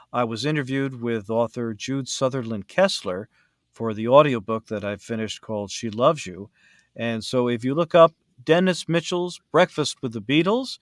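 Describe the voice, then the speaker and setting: A man's voice: mid-range voice, dry recording. Male podcast host, chatty and rambling, full of fillers; dry recording. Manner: rambling, with many fillers and restarts. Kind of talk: casual chat.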